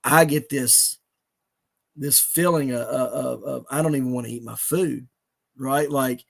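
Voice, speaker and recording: A middle-aged man tells a moving personal story in an earnest, halting way, full of restarts. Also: mid-range voice, gravelly. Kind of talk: emotional storytelling in conversation.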